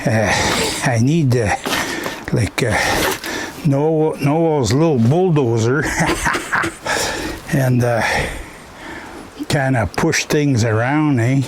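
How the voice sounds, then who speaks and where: Stacking firewood in his woodshed, this Canadian vlogger chats in a rambling, folksy manner, tacking "eh?" onto his sentences. His medium-pitched voice moves extremely slowly with long pauses, and there's noise in the background.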